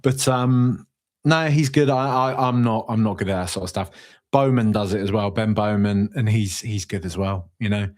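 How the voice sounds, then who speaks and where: A man of about forty talks into a studio microphone as a lone podcast host, working through viewer comments. His voice sits a little low, and he rambles and restarts as his emotions lead him. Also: moderate pace, a little mellow. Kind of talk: solo live-stream chat reading and venting.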